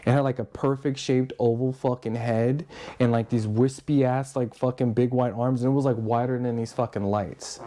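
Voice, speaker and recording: A man's voice: mid-range voice, normal speed. A man on a podcast telling a long story casually, swearing constantly and acting out other people's lines. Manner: profane, animated, acts out voices. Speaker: podcast guest.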